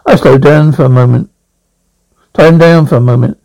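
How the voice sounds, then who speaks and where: A man's voice: mid-range voice, creaky, darkish tone, no echo, close to an everyday voice, low-quality recording. A man voicing a small, grumpy, long-dead great-grandfather ghost who talks down to his great-grandson in a lofty, scolding way. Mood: sly. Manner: lofty, scolding, slow and deliberate.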